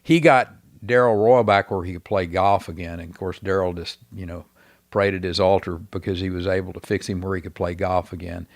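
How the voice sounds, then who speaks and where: Low-voiced Texan man telling stories. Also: steady tone, brisk, no room sound, studio quality. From Texas. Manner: rambling, hesitant with many fillers. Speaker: guest, former governor. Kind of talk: casual storytelling interview.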